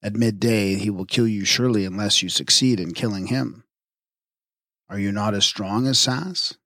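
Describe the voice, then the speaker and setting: A man's voice: fairly low pitch, steady tone, normal speed, a bit bright, no room sound, clean studio sound. A man reading the part of a brother who gives an urgent warning. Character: male sibling, urgent and warning.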